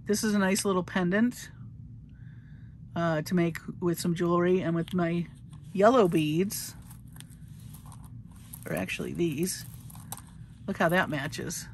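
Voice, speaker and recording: A woman's voice: fairly low pitch, gravelly, a little hiss or hum. A woman showing her bead haul in a casual, gushing, chatty way. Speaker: crafting vlogger. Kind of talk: casual show-and-tell haul.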